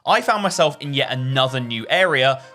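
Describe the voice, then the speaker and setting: Bright, lively British gaming narrator man. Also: medium pitch, fairly quick, soft background music. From United Kingdom. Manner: upbeat, jokey, exclamatory. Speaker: gaming YouTuber. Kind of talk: game playthrough commentary.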